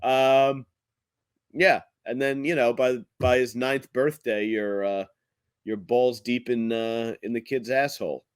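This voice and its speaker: A man hosting his own comedy show, delivering a profane rant in a blunt, crude, halting way. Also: mid-range voice, fairly even intonation, clear, resonant tone, no room sound. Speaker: podcast host and comedian.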